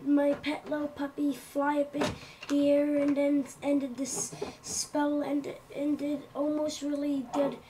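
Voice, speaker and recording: A woman playing a tabletop game speaks slowly and haltingly, restarting her words. Her voice is high, with a faint hiss in the background. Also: completely flat delivery. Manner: hesitant, halting. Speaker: player.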